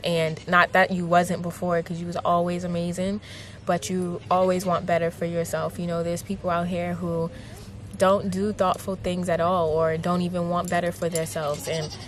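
A woman's voice: lowish voice, level tone, normal speed. A young woman vlogger talking to her partner in a heartfelt, gushing way, with noise around her. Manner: heartfelt, gushing, many likes. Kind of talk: emotional casual vlog talk.

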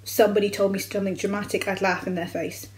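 A young adult woman vlogger, from the United Kingdom, recounting a personal medical experience in a candid, halting way with frequent restarts. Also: mid-range voice, little pitch movement, rough recording. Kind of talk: personal storytelling vlog.

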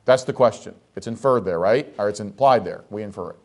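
A man's voice: fairly low pitch, brisk, hardly any pauses. Man preaching an expository sermon. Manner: expository preaching, rhetorical questions to the congregation. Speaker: pastor. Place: church.

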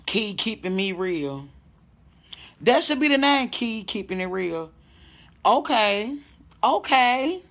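A woman's voice: mid-range voice, very animated, takes it slowly, pauses often, fairly bright tone. A woman from the American Midwest hosting a casual, profane livestream from home, reading and answering viewer comments. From St. Louis, USA. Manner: brash, profane, reads viewer comments aloud. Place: at home, indoors.

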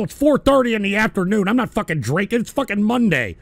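A man's voice: high-pitched, big pitch swings, normal speed, vocal fry, few pauses. A man hosting a live talk show, cursing and snapping irritably at the trolls in his chat between political rants. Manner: profane, irritable, shouting at trolls. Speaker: livestream talk show host. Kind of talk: live call-in radio rant.

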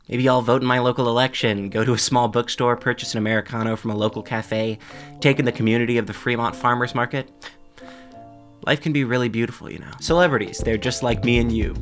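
A man with a mid-range voice running a comedy commentary monologue, full of sarcastic, deadpan asides. He laughs at his own absurd jokes, over faint background music. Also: mid-range voice.

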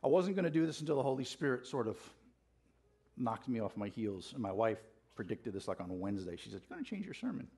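A man's voice: lowish voice, brisk, a little mellow, breathy edge. A man preaching a passionate sermon in a church, getting fired up and calling out questions to the congregation. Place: church sanctuary.

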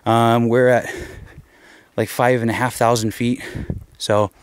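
A man's voice: medium pitch, completely flat delivery, unhurried, clean tone, no room sound. A man hosting an outdoor walkthrough on a mountain trail, out of breath and pointing things out as he explains. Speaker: host, investigator. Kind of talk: casual on-site walkthrough.

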